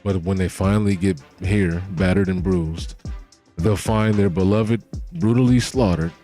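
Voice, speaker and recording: A cruel, possessive villain noble sneers out threats in a low voice, as a man reads his lines aloud. He speaks plainly, with faint music underneath. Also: fairly even intonation, measured pace, dark tone. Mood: menacing.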